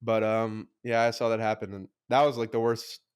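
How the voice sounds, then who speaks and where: A man's voice: on the low side, flat delivery, normal speed, clean tone. A young man co-hosting a podcast, telling a story in casual chat, rambling with lots of "like", swearing and acting out quotes. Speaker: podcast co-host.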